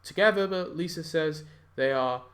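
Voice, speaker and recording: A man's voice: fairly high pitch, normal speed, a bit bright. A young man talking casually through a mobile game event idea, rambling with lots of "like" and self-corrections. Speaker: game YouTuber. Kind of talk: casual commentary on a game concept.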